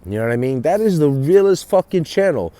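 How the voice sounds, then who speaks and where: A man's voice: a little high, sing-song, brisk, warm tone, no echo. A man talking to camera in a rambling, profanity-heavy monologue, often restarting his sentences. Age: adult with children. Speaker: vlogger. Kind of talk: casual monologue.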